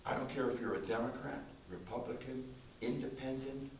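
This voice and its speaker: A man, a concert pianist, giving an emphatic church testimony with repetitive, dramatic slow phrasing, recorded in a small church. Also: medium pitch, fairly even intonation. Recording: roomy distant church recording with faint hiss.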